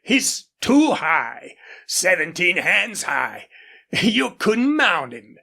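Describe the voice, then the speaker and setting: A woman voicing an older male rancher, an indulgent, horse-proud father, in a husky, drawling audiobook character voice. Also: lowish voice, sing-song, very slow, sharp tone, full character voice.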